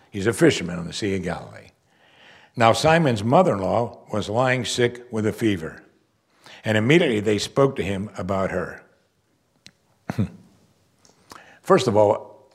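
A man preaching verse by verse through a Bible passage, animated, breaking off to act out the people he quotes. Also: lowish voice, breathy edge. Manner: animated, acts out quoted voices.

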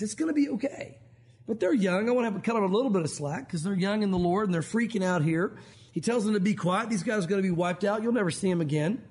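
Man, middle-aged, high voice, animated sermon delivery, acts out quoted voices. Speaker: pastor.

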